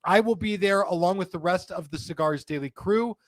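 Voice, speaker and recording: A man hosting a live stream, talking in a chatty, rambling and animated way. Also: high voice, a little fast, no echo. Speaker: host.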